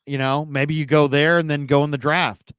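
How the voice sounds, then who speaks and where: A man's voice: on the high side, level tone, moderate pace, a bit bright, clear, resonant tone, no room sound. A man on a sports talk show giving his opinions casually, thinking aloud with frequent restarts. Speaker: sports podcast panelist.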